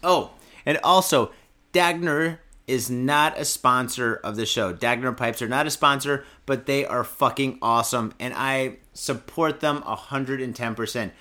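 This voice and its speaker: A man's voice: mid-range voice, a little slow, pushed and bright. A tipsy young man hosting a podcast, ranting about the news in a profane, repetitive, comic way. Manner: foul-mouthed, ranting, keeps swearing and repeating himself. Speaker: podcast host. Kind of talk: profane comedic news rant.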